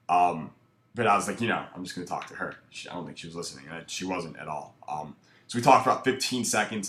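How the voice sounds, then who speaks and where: Male dating coach, low voice, relaxed commentary, echoey room. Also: slight background noise. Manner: laid-back, filler-heavy, with many "um" and "like". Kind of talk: casual commentary breaking down footage.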